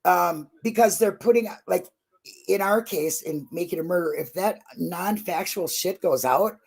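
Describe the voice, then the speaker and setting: A woman's voice: on the low side, measured pace, creaky, a little mellow, breathy edge. A woman talking in a casual livestream chat about true crime, emotional and effusive, blunt and not shy about swearing. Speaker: true crime channel guest.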